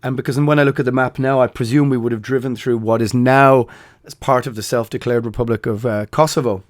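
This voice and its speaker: A man's voice: medium pitch, fairly even intonation, fairly quick, no echo, studio quality. Rambling Irish man telling tour stories. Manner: rambling, many fillers and self-corrections. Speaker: podcast host. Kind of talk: casual anecdotal storytelling.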